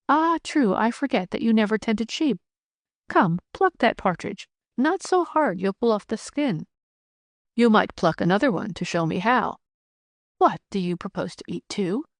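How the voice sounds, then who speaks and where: A woman reading the part of a kind, practical young peasant girl in an audiobook, speaking briskly and teasing gently. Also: fairly high pitch, very animated, no echo.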